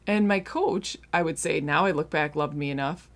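A woman's voice: sits low, normal speed. A middle-aged woman hosting a faith-based podcast, talking earnestly and directly to her listeners in a casual, conversational way. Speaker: podcast host and marriage coach client.

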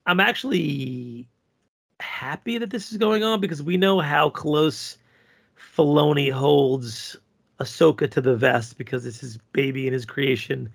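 Gravelly, husky male podcast co-host, crude and rambling. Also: mid-range voice. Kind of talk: casual podcast chat.

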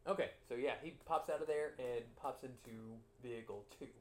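A man's voice: mid-range voice, a little fast. A young adult man narrating a tabletop game as game master, hesitant and full of fillers while he improvises. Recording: echoey room with faint hiss.

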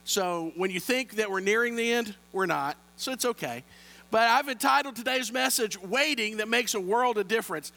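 A man's voice: sits high, moderate pace, vocal fry, pushed and bright, in a large hall. A man, preaching a sermon with humorous stories and playful asides to the congregation, on a handheld microphone. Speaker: pastor.

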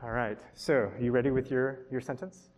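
A man's voice: medium pitch, steady tone, moderate pace, lo-fi sound. A man teaching a group in a workshop, upbeat and coaching, laughing often as he talks to the participants. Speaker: workshop instructor. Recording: long hall reverb.

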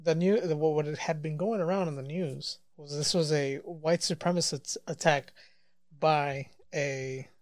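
A man riffs on news clips with a podcast partner, swearing constantly and getting worked up. His voice sits on the higher side for a man. The recording is dry and close, with no room sound. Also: a little slow, no room sound. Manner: profane, excitable, swears constantly. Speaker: podcast co-host. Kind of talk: casual banter reacting to news clips.

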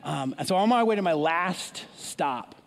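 A man with a fairly high voice tells a story from the pulpit, animated and full of restarts and asides. A long hall reverb trails behind his words. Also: moderate pace, gravelly. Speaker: preacher. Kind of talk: sermon storytelling.

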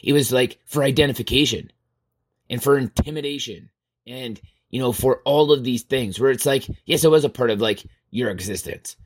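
A man's voice: mid-range voice, normal speed. A man in his thirties hosting a podcast, rambling through a casual monologue full of swearing and exasperation. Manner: profane, rambling, exasperated storytelling. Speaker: podcast host.

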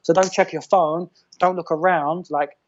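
A man talking as a fitness trainer in a casual podcast chat, loose and animated, full of restarts and "like". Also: fairly high pitch, normal speed, muffled recording.

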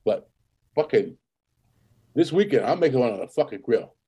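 A man's voice: medium pitch, very animated, moderate pace, dark tone, slightly rough. A man in casual chat, talking bluntly and swearing freely.

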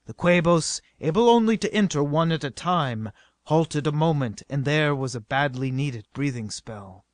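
Give me a man narrating an adventure story, bit high-pitched, very dry recording. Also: moderate pace, dry recording. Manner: steady, dramatic reading. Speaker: audiobook narrator.

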